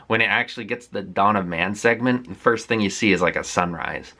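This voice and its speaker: A movie vlogger casually recaps a film he watched, rambling candidly with lots of fillers and restarts. His voice is lowish, and his delivery is brisk, bright and forceful.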